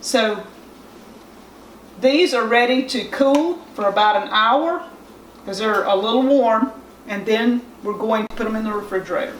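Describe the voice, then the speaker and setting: A plain-spoken Southern woman with a slightly high voice hosts a home cooking demonstration, explaining each step in a homespun way. She is recorded from a distance, and the room sounds echoey, with a faint hiss underneath. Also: unhurried.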